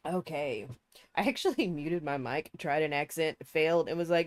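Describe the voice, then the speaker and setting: This deep-voiced woman speaks at a moderate pace in a dry recording. She's chatting casually during a building-game stream, musing aloud and making fun of herself as she deals with a sore throat.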